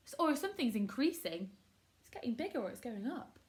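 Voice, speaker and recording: A woman's voice: fairly high pitch, big pitch swings, fast talker. A woman teaching a phonics lesson to young children, upbeat and encouraging, sounding words out syllable by syllable. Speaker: primary school teacher.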